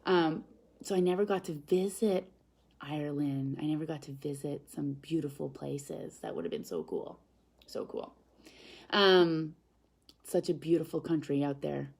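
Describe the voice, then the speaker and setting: A woman, a guest on a live stream, chatting in an animated, upbeat way and reading viewer comments aloud. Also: sits low, measured pace, gravelly, slightly rough. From Canada. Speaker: guest speaker. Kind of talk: live-stream motivational chat.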